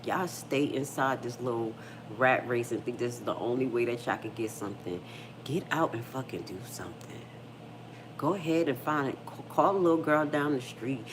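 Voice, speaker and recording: A middle-aged American woman hosts a casual livestream, talking bluntly with plenty of profanity. Her low voice moves at a normal speed as she tells animated stories. Faint noise hums underneath.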